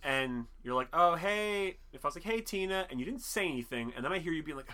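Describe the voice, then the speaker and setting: A man's voice: mid-range voice, rapid-fire, sharp tone. A man co-hosting a casual movie podcast, rambling and profane, breaking into jokey voices for the characters. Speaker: podcast co-host. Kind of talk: casual chat reviewing a movie.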